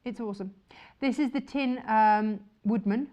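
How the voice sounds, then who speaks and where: A woman's voice: fairly high pitch, unhurried, dark tone. Gushing woman presenting sewing fabrics. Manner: enthusiastic, gushing, chatty. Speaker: shopping channel presenter. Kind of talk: chatty live sales presentation.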